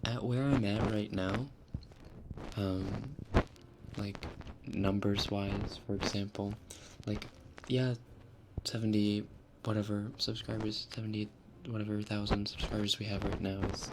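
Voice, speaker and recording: A man chatting casually with viewers on a live stream, rambling with fillers and soft laughs, sometimes dropping to a whisper. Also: fairly low pitch, flat delivery, measured pace, pauses often, very noisy. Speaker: ASMR streamer.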